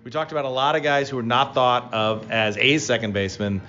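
A man co-hosting a casual baseball talk show, telling player stories with lively excitement. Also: a little fast, dull audio. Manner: storytelling, animated, rising pitch when excited. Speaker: baseball podcast co-host, former player. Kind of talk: casual sports chat.

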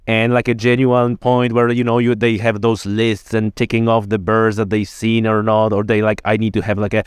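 A man's voice: fairly low pitch, little pitch movement, normal speed, clear, resonant tone, no room sound, studio quality. A man hosting a podcast in a conversational interview, chatty, with lots of likes and run-on asides. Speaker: podcast host.

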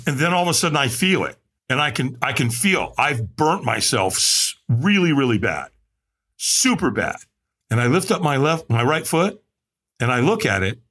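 A man's voice: fairly high pitch, husky. A male podcast guest telling a personal story vividly, acting out the lines of the people in it. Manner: vivid, animated storyteller who acts out what others said.

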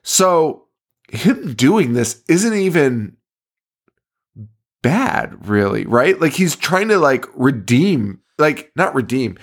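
A man's voice: on the high side, very animated, slow pace. A man co-hosting a horror podcast in casual, profane chat, laughing often as he retells movie scenes. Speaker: podcast co-host.

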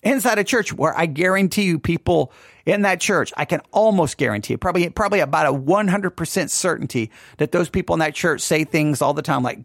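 A man with a high voice delivers an earnest, sermon-style talk, stumbling and circling back over his words as he presses a point. The sound is close and dry, with no room around it. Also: expressive, fairly quick, fairly bright tone, dry recording. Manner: earnest, repeats and restarts phrases, rises when quoting cries. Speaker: preacher. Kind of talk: impassioned sermon-style commentary.

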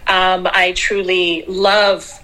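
A woman speaking gently to a live audio room, pausing often with ums. Her voice is bright and clear but stays fairly level in pitch. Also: level tone, low-quality recording. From Taiwan and Italy heritage. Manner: gentle, hesitant, many ums. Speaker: panel speaker.

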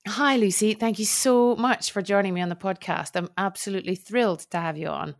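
A woman's voice: medium pitch, brisk, gravelly. A middle-aged woman hosting a podcast, talking in a gushing, enthusiastic and chatty way. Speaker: podcast host. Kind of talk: casual podcast interview.

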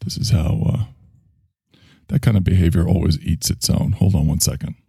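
Sarcastic New York podcaster, male, low and gravelly, dark tone, deadpan mockery. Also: normal speed, no echo, clean studio sound. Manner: mocking, deadpan asides and sudden shouty pitch jumps. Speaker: podcast host. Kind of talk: sarcastic solo podcast commentary.

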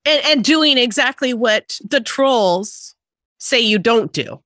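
A woman's voice: fairly high pitch, animated, slow, a bit bright, dry recording, studio quality. A woman hosting a podcast in casual chat, chatty and emphatic with sympathetic interjections. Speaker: podcast host.

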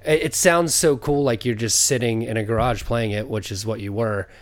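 Regular guy, mid-pitched, asking questions and giving easygoing feedback. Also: fairly even intonation, normal speed. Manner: supportive, asks questions, gives friendly critique. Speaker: podcast co-host. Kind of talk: casual chat.

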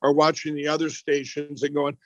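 A man's voice: a little high, monotone, brisk, a bit bright, no echo, highs cut off. A man, a company boss interviewed as a guest, talking in a rambling way with many restarts and repeated words. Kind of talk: animated call-in interview.

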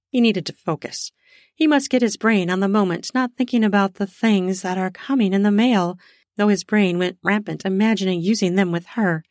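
A woman narrates an erotic story in an unhurried, intimate voice of middle pitch. The sound is dry and close to the mic, with no room around it. She reads as the podcast's own host. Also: darkish tone, no echo.

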